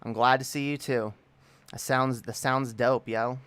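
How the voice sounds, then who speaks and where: A man's voice: mid-range voice, steady tone, a little slow, a bit bright, smooth, no room sound. A man hosting a casual livestream, greeting his chat in a laid-back, profane way. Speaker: livestream host.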